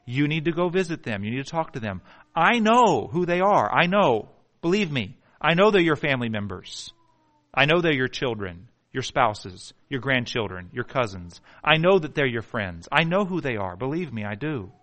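A man preaching a sermon with passion, swinging from hushed pleading to near shouting and stumbling over words when worked up. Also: medium pitch, sing-song, moderate pace. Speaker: pastor.

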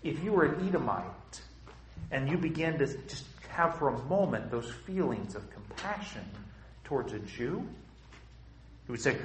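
Impassioned preacher in a roomy hall. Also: male voice, on the high side, very animated, moderate pace. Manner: impassioned, repetitive, emphatic. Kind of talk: sermon.

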